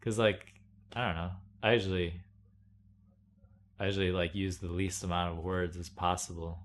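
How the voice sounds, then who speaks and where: A man's voice: low voice, flat delivery, normal speed, slight background noise. A young man rambling in a casual monologue, meandering and self-mocking, full of "like"s. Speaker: video blogger.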